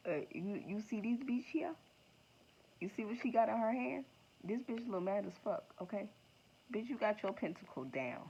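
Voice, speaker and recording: A woman giving a casual tarot reading to her viewers, slangy, profane and excitable, laughing often. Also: mid-range voice, normal speed. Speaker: tarot reader. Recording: dull lo-fi sound with faint noise.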